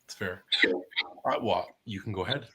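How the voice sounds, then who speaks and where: A man's voice: sits low, moderate pace, a bit bright, slight background noise. Rambling man hosting a live chat. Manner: rambling, lots of fillers; reads out viewer votes. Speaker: host. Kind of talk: live-stream casual chat.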